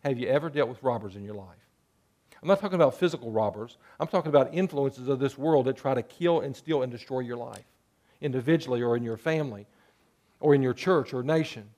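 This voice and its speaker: A man's voice: medium pitch, quick pace, darkish tone. A man preaching a sermon, moving between earnest scripture reading and playful jokes with sheep bleats. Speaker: pastor.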